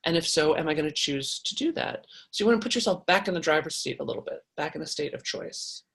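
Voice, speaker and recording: A woman with a slightly low, husky voice talks through viewer questions in a casual advice show. She speaks frankly and with animation, restarting her sentences and swearing now and then for emphasis. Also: lively intonation, fast, fairly bright tone. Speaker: host answering viewer comments.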